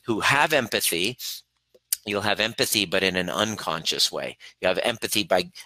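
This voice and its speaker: A man's voice: low-pitched, no echo, low-quality recording. A middle-aged man giving an earnest coaching talk on relationships, acting out examples as he goes. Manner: earnest, coaching, acts out examples in a soft cooing voice. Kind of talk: motivational talk to camera.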